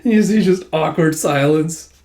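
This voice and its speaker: A man casually reading through a manga, sketching scenes in between the dialogue and saying "it's like" often. His voice sits a bit high for a man but has a warm, mellow tone. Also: normal speed, vocal fry, a little hiss or hum. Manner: paraphrases scenes and reads dialogue aloud with "it's like". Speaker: manga reader and reviewer.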